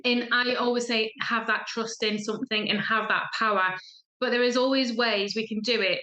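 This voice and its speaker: In an echoey room, a thirties-aged feng shui coach appears as a podcast guest, chattily sharing her story and voicing the people she quotes. Her voice sits on the high side, steady in tone at normal speed, pushed and bright, in this casual chat.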